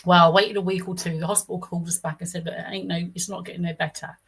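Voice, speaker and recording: A woman's voice: fairly low pitch, little pitch movement, quick pace, a bit bright, husky, low-quality recording. A middle-aged woman, telling her own experience in a rambling, casual way, restarting sentences and acting out what others said. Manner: rambling, restarts often, acts out quoted speech. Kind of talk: casual first-person storytelling.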